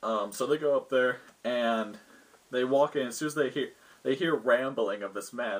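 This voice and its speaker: A man's voice: mid-range voice, moderate pace. A man, a game master, recounting a tabletop session in loose, rambling storytelling.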